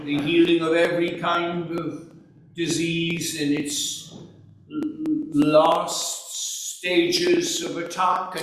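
Slow, earnest man preaching in an echoey hall. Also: a little high, slight background noise. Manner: earnest, emphatic preaching with rhetorical questions. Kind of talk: sermon. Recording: echoey hall recorded from far off.

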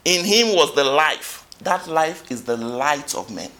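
A man preaching a sermon, asking the congregation questions and reading scripture aloud, swinging between loud emphatic peaks and quiet asides. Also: fairly high pitch, expressive, unhurried.

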